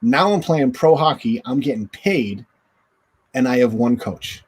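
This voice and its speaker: Rambling former goalie telling stories. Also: male voice, medium pitch, measured pace, slightly rough. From northern United States. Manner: rambling, animated storyteller acting out voices. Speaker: interview guest, former goaltender. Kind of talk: casual storytelling.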